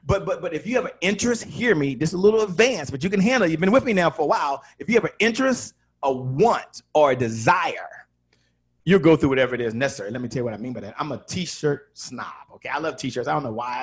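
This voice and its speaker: A man with a slightly husky, higher-set voice teaches sales on a podcast. His pitch swings a lot as he stresses points and acts out short exchanges with clients. He sounds emphatic and animated throughout. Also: quick pace. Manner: emphatic, plays out dialogue in little voices. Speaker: sales coach podcast guest.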